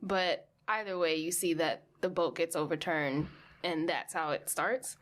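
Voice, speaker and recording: A woman's voice: on the low side, fairly even intonation, a little slow, a bit bright. A young woman co-hosting a podcast, retelling a film in casual chat, swearing freely and laughing often. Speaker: podcast co-host.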